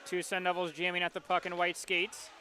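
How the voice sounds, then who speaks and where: Bright, high-pitched hockey play-by-play man. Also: monotone, a little hiss or hum. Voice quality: quick, rhythmic calling of the action. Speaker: play-by-play announcer. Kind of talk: live hockey play-by-play commentary.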